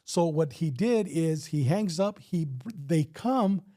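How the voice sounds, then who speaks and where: A man's voice: a little high, animated, slow pace, mellow. A man in his fifties, a retired police officer, telling a story in a casual interview and acting out the dialogue with some swearing.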